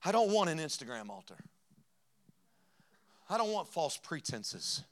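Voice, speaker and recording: A man preaching a sermon with passion, swinging between loud emphasis and quiet asides, and slowing down to read scripture. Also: a little high, very animated. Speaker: pastor.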